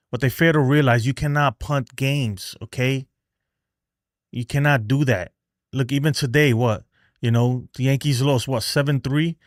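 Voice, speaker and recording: A man's voice: medium pitch, no room sound. A man ranting on his live sports stream, exasperated and profane, circling back to the same points with scoffing laughs. His voice sits in an ordinary middle range. The sound is dry and close to the mic. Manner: angry, exasperated ranting with swearing; repeats himself and restarts, laughs in disbelief. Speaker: livestream host.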